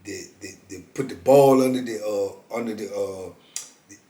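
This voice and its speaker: A man voicing a smooth-talking card hustler from New Orleans who coaxes and calls people baby, in a New Orleans accent. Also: on the low side, moderate pace, mellow, roomy sound, far from the mic, voice pushed down, natural voice. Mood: boastful mumble. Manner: coaxing, calls you baby.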